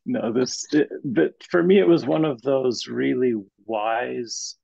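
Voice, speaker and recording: Gravelly, husky middle-aged man storytelling. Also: mid-range voice, no echo, muffled recording. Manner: animated retelling with halting restarts. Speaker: guest therapist and academic. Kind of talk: storytelling in an interview.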